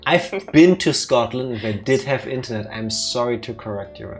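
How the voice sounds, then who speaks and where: A man's voice: mid-range voice, animated, normal speed, soft background music. A man co-hosting a game let's play, chatting casually with playful, teasing jokes and wordplay. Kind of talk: casual joking commentary.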